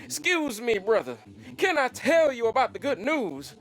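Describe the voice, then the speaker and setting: A man voicing an overly polite male bean pie seller with an eager, high sales pitch. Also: sing-song, normal speed, fairly bright tone, exaggerated voice.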